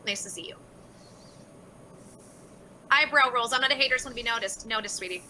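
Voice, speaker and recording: A woman's voice: fairly high pitch, a little fast, pushed and bright, a little hiss or hum, poor audio. A woman livestreaming and reading out chat messages, talking bluntly with lots of swearing and exasperation.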